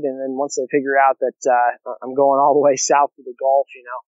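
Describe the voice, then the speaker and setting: A long-distance canoeist, a man, is a guest in a casual interview over a remote line, speaking easily with lots of fillers and restarts. His medium-pitched voice is level and brisk with hardly any pauses, and the call audio is dull, lo-fi, and dry with no echo.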